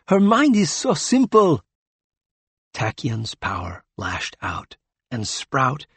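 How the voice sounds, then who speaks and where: Husky male audiobook narrator. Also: medium pitch, no room sound. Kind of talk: scripted narration.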